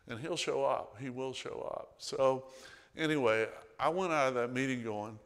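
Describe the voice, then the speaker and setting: Male preacher mid-sermon, storytelling style, loud-then-hushed delivery, long church-hall reverb. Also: mid-range voice, normal speed. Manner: conversational storytelling, swings between loud emphasis and hushed asides. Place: church sanctuary.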